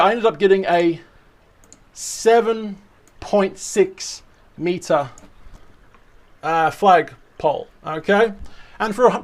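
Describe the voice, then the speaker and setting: An Australian man vlogging casually, chatty and showing things off, often tagging his sentences with "right?" and "okay?". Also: sits high. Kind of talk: casual show-and-tell vlog.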